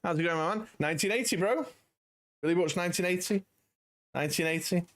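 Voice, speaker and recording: A man's voice: high voice, quick pace, fairly bright tone. Chatty man in his forties. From United Kingdom. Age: 40s. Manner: rambling and friendly, many "you know"s. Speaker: livestream host. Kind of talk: casual livestream chat with viewers. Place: home.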